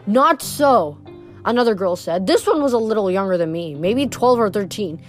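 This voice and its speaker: A woman's voice: medium pitch, animated, brisk, darkish tone, soft background music. A woman reading a novel aloud, stumbling and correcting herself now and then. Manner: casual, stumbles and self-corrects. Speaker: reader.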